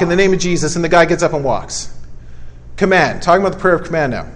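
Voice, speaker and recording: A man's voice: on the high side, animated, fast. A male preacher giving a conversational sermon, emphatic and repetitive with folksy asides.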